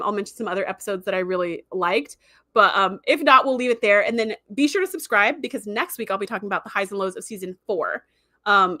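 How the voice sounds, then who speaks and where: A woman's voice: medium pitch, sharp tone, no echo, clean studio sound. A woman hosting a livestream, chatting casually and acting out characters' lines as she retells an episode. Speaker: livestream host.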